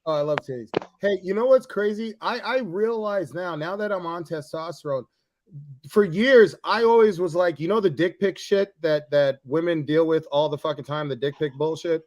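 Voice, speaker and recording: A man in casual podcast chat, loud and profane, who bursts into shouting. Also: on the high side, normal speed, dull audio. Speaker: comic book writer and comedian guest.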